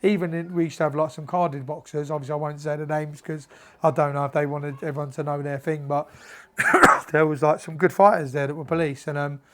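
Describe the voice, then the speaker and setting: A man tells boxing-gym stories in casual chat, slightly higher-pitched than most men. He acts out the voices of the people in his stories and swears freely. The delivery is lively and conversational. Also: brisk, few pauses. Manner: animated anecdotes, acts out quoted dialogue, swears freely. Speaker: podcast guest, former professional boxer.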